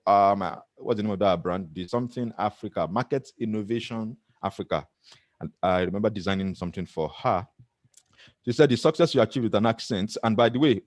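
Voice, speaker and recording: A man's voice: lowish voice, no echo. A middle-aged man with a Nigerian accent giving an earnest motivational talk to camera, often laughing at himself. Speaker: motivational speaker.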